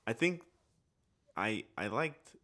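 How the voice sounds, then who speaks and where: A man's voice: fairly low pitch, very animated, slow, sharp tone. A man giving blunt, dry opinions in a casual chat about games.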